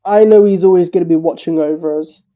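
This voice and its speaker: A tearful man talks on a stream in a halting way, stumbling and repeating words and swearing now and then. His voice is high and very dark, and he speaks slowly. The audio is dull and lo-fi. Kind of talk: emotional livestream talk.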